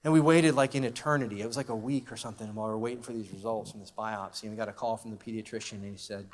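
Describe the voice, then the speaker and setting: At a large live conference, a man shares a personal testimony into a handheld or stage microphone. His fairly low voice is rapid-fire with fairly even intonation, and he speaks conversationally and emotionally, with many fillers.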